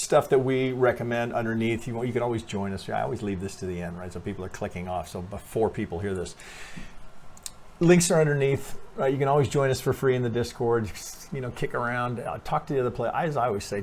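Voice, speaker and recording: A man's voice: medium pitch, darkish tone, a little hiss or hum. Rambling, profane man explaining charts. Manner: rambling, profane, self-correcting, talks to viewers with frequent "right?". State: coughing, allergies. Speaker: trading channel host. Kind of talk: casual chart analysis monologue.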